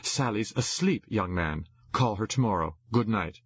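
A man's voice: fairly low pitch, expressive, normal speed, a bit bright, slightly rough, dry recording, heavily acted. A man voicing a cold, stern elderly grandmother who speaks curtly, on a dull lo-fi recording. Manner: cold and curt.

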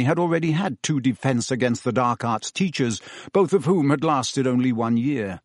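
A man reading a story aloud in a measured way, his voice rising and falling with lively intonation. The sound is close and dry, with no room around it. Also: mid-range voice, no room sound. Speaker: audiobook narrator. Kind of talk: scripted narration.

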